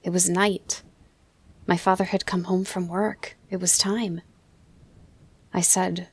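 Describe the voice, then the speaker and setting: A woman narrating an audiobook softly, often dropping into a whisper. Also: fairly low pitch, flat delivery, slow pace, pauses often, breathy edge, no echo. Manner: soft, often drops to a whisper. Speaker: audiobook reader.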